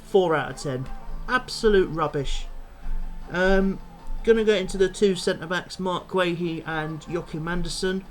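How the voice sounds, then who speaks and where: A man's voice: sits high, a little slow, soft background music. A young man, a football fan vlogger, angrily ranting after a match and swearing bluntly. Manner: angry, swears a lot, blunt. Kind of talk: post-match fan rant.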